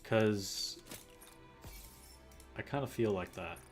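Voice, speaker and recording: A man's voice: medium pitch, unhurried. A man casually chatting on his livestream, rambling and joking, laughing at himself. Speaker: streamer. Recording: faint background music.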